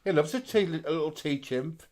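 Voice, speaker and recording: Man, co-host, casual live-stream chat, playful, gossipy, animated pitch. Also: brisk.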